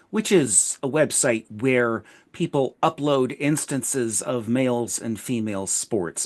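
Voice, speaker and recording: A man interviewing a guest and asking sardonic, mock-naive questions. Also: medium pitch. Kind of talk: podcast interview.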